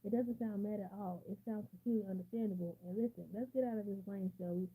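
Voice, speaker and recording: A woman reading the part of a kind mother who speaks gently and reassuringly. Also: mid-range voice, quick pace, breathy edge, natural voice, poor audio. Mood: concerned. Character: kind, caring mother and podcast host.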